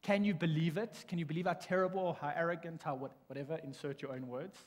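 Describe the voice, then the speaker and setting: A man preaching a sermon in a church, telling stories in a lively way with frequent restarts. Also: on the high side, quick pace. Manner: animated storytelling with restarts. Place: church sanctuary. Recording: long church hall reverb.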